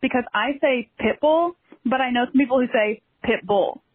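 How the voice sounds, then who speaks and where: A woman's voice: on the high side, moderate pace, husky. A woman listener leaving a chatty voice message for a podcast. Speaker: listener caller. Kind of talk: recorded voice message. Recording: tinny phone-line message.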